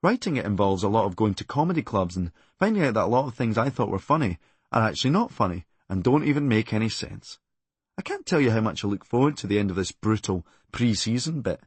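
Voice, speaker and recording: Husky deadpan Scottish man. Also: lowish voice, quick pace, no room sound. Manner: deadpan, dark comic delivery. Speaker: comedian narrating his memoir. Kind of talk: audiobook memoir reading.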